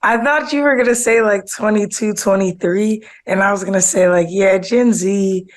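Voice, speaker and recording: A woman's voice: mid-range voice, fairly even intonation, moderate pace. Chatty woman cutting in on a podcast. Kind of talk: casual chat.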